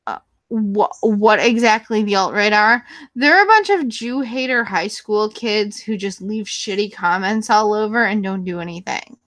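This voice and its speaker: This female channel host has a mid-range, slightly bright voice and takes her time, recorded dry. She casually answers viewers with profane, blunt rambling, peppered with fillers, restarts and frequent self-corrections.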